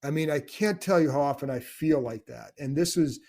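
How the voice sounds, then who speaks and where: Host, man in his fifties, slightly high voice, rambles warmly with restarts and self-mocking humor. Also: brisk, gravelly. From Cleveland. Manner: rambling, emotional, self-deprecating, with many restarts. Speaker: host, team beat reporter. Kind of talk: casual podcast chat.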